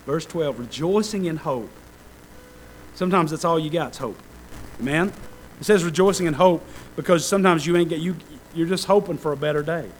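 A high-pitched man preaching to a congregation, swinging between easy, joking asides and loud, fervent climaxes. Faint room noise sits behind him. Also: brisk, low-quality recording. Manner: fervent, building to loud shouted peaks; conversational, self-deprecating asides with laughter. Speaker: pastor. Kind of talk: sermon.

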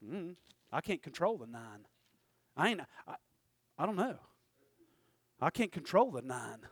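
A man preaching a sermon in church, talking in quick asides and rising to sudden shouted peaks. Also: fairly high pitch, very animated, breathy edge, no room sound. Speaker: pastor.

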